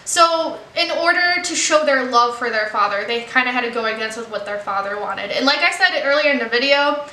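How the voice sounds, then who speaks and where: A woman's voice: a little high, pushed and bright, slight background noise. A young woman in a casual film review, chatty and earnest, with lots of "like" and "you know" fillers. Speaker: movie reaction vlogger. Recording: roomy echo.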